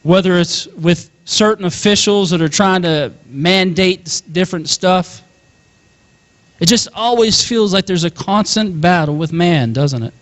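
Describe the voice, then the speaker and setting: This young pastor has a high voice and an unhurried delivery. He preaches with energy, frequently chuckling and calling out to the people in his congregation.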